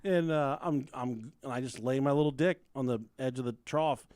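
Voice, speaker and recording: A man's voice: mid-range voice, normal speed, darkish tone, no echo, clean studio sound. A man co-hosting a podcast, telling a crude childhood story in a rambling, casual way and laughing as he goes. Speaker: podcast co-host.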